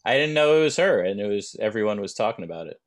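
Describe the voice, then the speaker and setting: Low-voiced man telling rambling stories. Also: fast talker. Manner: rambling anecdotes, deadpan jokes. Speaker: podcast co-host. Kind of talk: joking casual chat.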